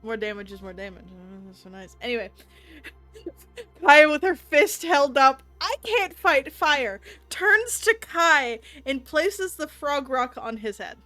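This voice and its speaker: A woman with a high, bright voice, talking slowly and giggling as she plays her character in a tabletop game. She drifts between table chat and short in-character lines. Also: very animated, soft background music. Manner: giggly, slips into character quotes. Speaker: player. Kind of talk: casual tabletop game play.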